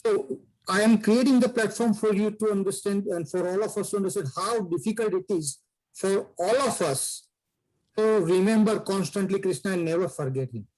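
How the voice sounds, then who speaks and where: A man from the audience asking a question at a temple, halting and searching for his words. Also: sits high, a little mellow, rough recording.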